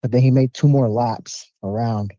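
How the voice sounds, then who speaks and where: A man calling into a podcast, telling a story with animated, profane street slang. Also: mid-range voice, moderate pace, dry recording, low-quality recording. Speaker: caller. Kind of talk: casual storytelling on a call.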